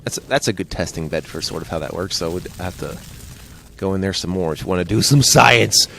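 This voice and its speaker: A man with a Midwestern American accent talks over his gameplay in a loose, rambling way, drifting from joke to tangent. His voice sits fairly low. A faint hum sits under him. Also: brisk, vocal fry, a bit bright. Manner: rambling, jokey, wanders off on tangents. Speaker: let's play host. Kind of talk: casual gameplay commentary.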